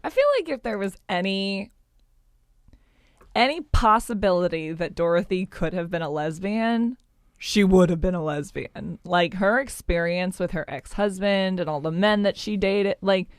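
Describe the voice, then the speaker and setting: A woman chatting as a podcast guest, talking freely with lots of "like" and quick asides. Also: on the low side, clear, resonant tone, dry recording, studio quality. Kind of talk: casual podcast chat.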